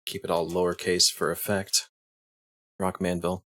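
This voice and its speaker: A man's voice: fairly low pitch, normal speed, a bit bright. Man casually talking through an edit. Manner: thinks aloud, restarts, chuckles. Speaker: streamer explaining video editing. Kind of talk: casual screen-share tutorial.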